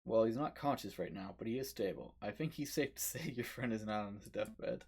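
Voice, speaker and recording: A man voicing a measured, professional male doctor in a story game, matter-of-fact in tone. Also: fairly low pitch, expressive, vocal fry, darkish tone, husky, exaggerated voice. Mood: calm.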